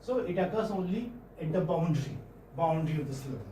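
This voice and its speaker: Guy teaching phonetics, kinda high voice, far from the mic in an echoey classroom. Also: animated, fast talker, warm tone, a little hiss or hum. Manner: patient, checks in often with "okay?" and "hmm?". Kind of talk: classroom lecture.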